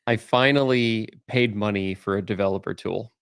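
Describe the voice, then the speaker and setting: A man co-hosting a podcast, chatting casually in a relaxed, rambling way with many fillers. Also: on the low side, normal speed, creaky, smooth, dry recording, clean studio sound. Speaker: podcast co-host. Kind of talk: casual chat.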